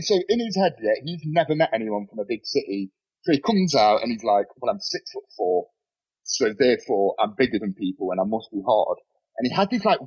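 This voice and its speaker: A young man tells stories in a casual podcast chat. His voice is husky and his pitch swings widely. The recording is dull and lo-fi, like it was made in a bedroom. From Nottingham, England. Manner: swears freely, animated storytelling with laughs. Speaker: podcast guest, model.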